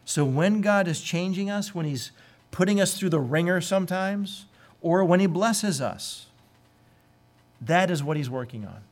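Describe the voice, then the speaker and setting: A man's voice: high-pitched, expressive, measured pace. A man preaching a sermon in an earnest way, sometimes acting out the voices he quotes. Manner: earnest, acts out quoted voices with sudden lifts. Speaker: pastor.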